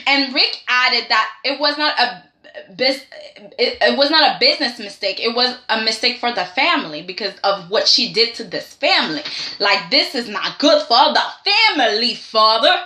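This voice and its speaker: A sassy young woman talks through a soap opera episode, acting out each character's lines with lively emphasis. Her voice is bright and a little high, and the room around her sounds echoey. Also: normal speed. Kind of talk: casual recap vlog.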